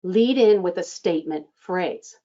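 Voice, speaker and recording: A woman coaching front-desk staff on phone scheduling, acting out sample lines with lively changes of tone. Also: lowish voice, measured pace, highs cut off. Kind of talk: instructional talk.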